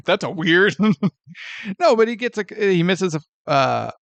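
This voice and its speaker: Animated high-voiced man reviewing movies. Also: slow pace, creaky, no room sound, highs cut off. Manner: animated, acts out scenes with sound effects and quoted voices. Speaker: podcast co-host. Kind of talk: casual movie review chat.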